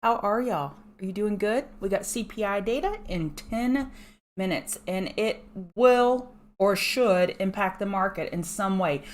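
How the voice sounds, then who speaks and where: A woman's voice: medium pitch, lively intonation, measured pace. A woman in her thirties hosting a casual market livestream, chatty and greeting viewers by name. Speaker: livestream market analyst host.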